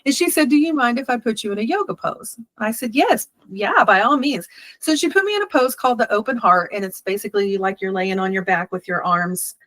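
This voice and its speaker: A woman guest in a casual interview, telling a personal story with lively quoted voices and frequent laughter. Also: medium pitch, fairly quick, dry recording. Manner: animated, laughs often, acts out quoted voices.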